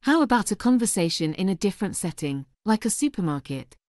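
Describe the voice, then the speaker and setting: A woman's voice: mid-range voice, sing-song, fairly quick, darkish tone, no room sound. Polite woman host, dry close sound. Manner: polite, encouraging questions. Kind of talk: interviewing in an English lesson.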